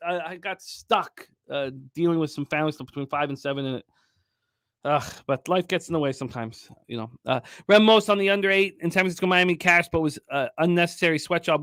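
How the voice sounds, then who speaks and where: A man hosts a live sports betting show, reeling off viewer names and comments in quick, excitable bursts. His voice sits a little high for a man. The sound is dry and close, with no room around it. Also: dry recording. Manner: rapid, excitable shout-outs with frequent fillers and restarts. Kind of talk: live-stream chat reading viewer comments.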